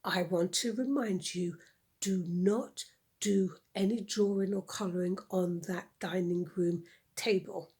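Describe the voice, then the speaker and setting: A woman's voice: medium pitch, fairly even intonation, a little slow, a little mellow, slightly rough. A woman voicing a strict mother warning her children in a storybook reading. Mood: firm. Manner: firm, warning. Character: strict mother giving orders.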